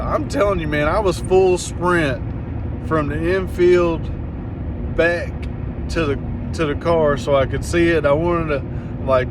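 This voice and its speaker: A man with a slightly high voice spins a laid-back racing yarn, folksy and drawling. He's recorded outdoors, with steady traffic and outdoor noise clear behind him. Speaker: racing crew member. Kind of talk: casual storytelling vlog.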